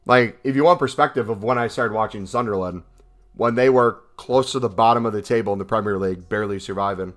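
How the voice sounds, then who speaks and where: This young American streamer reads his live chat aloud and answers questions with jokes in a relaxed way. He speaks fast in a fairly low, fairly bright voice.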